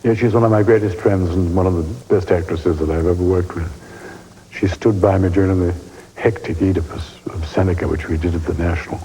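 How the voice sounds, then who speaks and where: A man's voice: low-pitched, mellow, slight background noise, poor audio. An English man in his eighties telling wry theatre anecdotes in an interview, chuckling as he reminisces. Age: 80s. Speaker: veteran stage actor interviewed.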